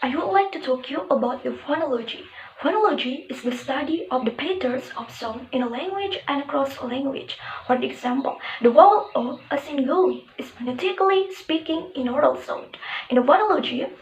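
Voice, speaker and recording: A young woman with a high voice reads a class presentation steadily from her notes. The recording sounds muffled and echoes around the room. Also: expressive, moderate pace, a little hiss or hum. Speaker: student presenter.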